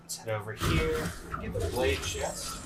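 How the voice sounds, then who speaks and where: A man's voice: mid-range voice, measured pace, heavy background noise. Man with a dry, sarcastic commentary voice. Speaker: game commentator. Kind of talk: casual gameplay commentary.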